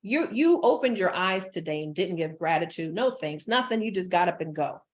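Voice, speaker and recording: A woman business coach giving an energetic motivational talk, repeating phrases for emphasis. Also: on the low side, normal speed.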